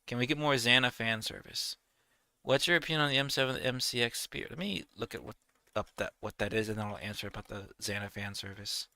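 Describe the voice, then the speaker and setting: A man's voice: medium pitch, a little fast, sharp tone, no echo. A young man giving casual gameplay commentary, rambling and ranting animatedly. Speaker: gaming video creator.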